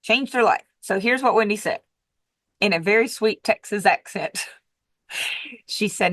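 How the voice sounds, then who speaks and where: A woman's voice: mid-range voice, a little slow, long pauses, a bit bright, no echo, studio quality. A woman diet coach giving a casual motivational monologue, emphatic and repetitive, with the occasional swear word.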